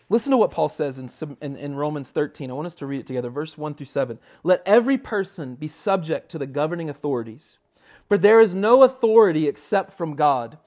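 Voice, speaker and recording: High-voiced earnest male preacher. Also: a little mellow. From United States. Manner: earnest, emphatic preaching with frequent restarts. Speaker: pastor. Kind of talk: sermon.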